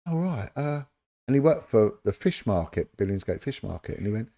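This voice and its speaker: A middle-aged former police detective from London, with the accent to match, speaks at a fairly quick pace in a fairly low voice. As a podcast guest in a casual interview, he tells animated stories and acts out the voices of the people in them.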